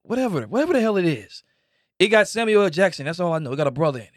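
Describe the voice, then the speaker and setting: A man's voice: high voice, very fast, dry recording. Man teasing in dry sports banter. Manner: teasing, animated, jokey. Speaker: podcast co-host. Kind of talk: casual sports chat.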